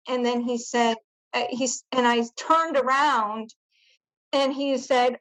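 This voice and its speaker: A middle-aged woman, a podcast guest, recounting a painful personal memory in a halting way, with many fillers and restarts. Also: high voice, steady tone, fairly bright tone, rough recording. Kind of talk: personal testimony in interview.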